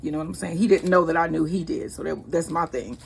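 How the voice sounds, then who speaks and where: A woman's voice: sits low, fast talker, creaky, breathy edge. A woman, chatting casually and rambling as she hosts a home cooking vlog. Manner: chatty, rambling, laughs easily. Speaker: cooking channel host.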